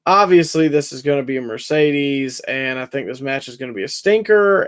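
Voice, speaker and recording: A young man co-hosting a casual wrestling review podcast, talking in an animated, sarcastic way. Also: mid-range voice, normal speed, hardly any pauses, clean tone. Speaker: podcast co-host.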